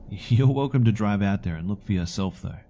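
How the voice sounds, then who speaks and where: A man telling a first-person horror story in scripted narration, calm and matter-of-fact. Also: on the low side, normal speed.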